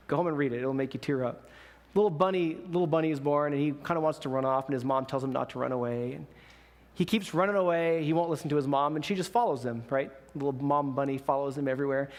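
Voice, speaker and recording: A male pastor giving a sermon, telling a story in a lively way and acting out the people in it. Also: fairly high pitch, fast. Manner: lively storytelling with quoted voices. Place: church sanctuary. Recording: echoey church hall.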